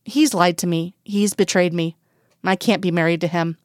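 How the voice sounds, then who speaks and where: A woman voicing a hurt, vulnerable young woman who speaks softly and a little shakily, in a dry, close recording. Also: fairly low pitch, steady tone, moderate pace, no room sound, close to an everyday voice. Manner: soft, shaky.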